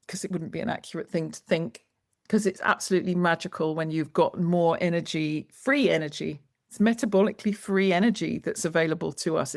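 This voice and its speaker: Interviewed as a guest, this movement educator has a voice on the low side and talks about her work in an emphatic, lecturing manner, leaning hard on key words. It is an interview conversation with a dry, studio-quality recording.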